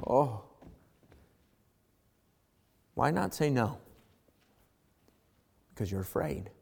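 A middle-aged male pastor preaching a sermon, swinging from loud emphatic lines to hushed ones. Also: mid-range voice, very animated, takes it slowly, creaky, slightly rough.

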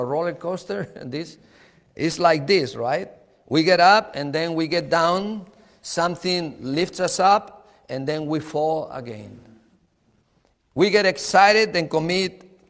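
A man preaching a sermon, slow and emphatic, repeating key words and chuckling now and then. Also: fairly high pitch, big-room sound.

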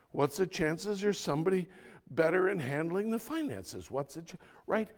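Fervent male preacher, slightly high voice. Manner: emphatic preaching that swings from hushed to loud. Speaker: pastor. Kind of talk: sermon.

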